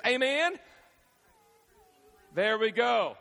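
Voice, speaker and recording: A man, preaching a sermon as pastor, animated, with call-and-response questions to the congregation. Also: extremely high pitch, slow, vocal fry. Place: church sanctuary. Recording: echoey church hall.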